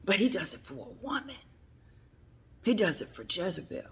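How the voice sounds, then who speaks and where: A woman's voice: mid-range voice, big pitch swings, moderate pace, fairly bright tone. A woman giving chatty, dramatic celebrity gossip commentary on her vlog. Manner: chatty, dramatic, laughs between remarks.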